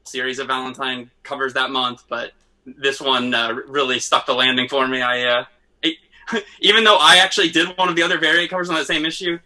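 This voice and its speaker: A man's voice: mid-range voice, fairly even intonation, fairly quick, sharp tone. A man in casual podcast chat, a comic artist who talks in a chatty, self-deprecating way and laughs easily.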